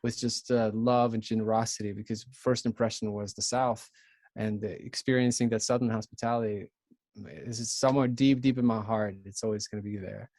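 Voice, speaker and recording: A man in his thirties from Ukraine with a Ukrainian accent, a podcast guest telling his story in an earnest, halting way with many restarts. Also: on the low side, steady tone, darkish tone, no room sound, clean studio sound. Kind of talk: casual storytelling.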